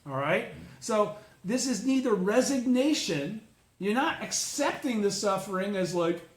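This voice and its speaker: An animated man with a high voice leads an informal religious study group at an unhurried pace, explaining a text, checking in with his listeners and swearing casually. The recording has a roomy echo.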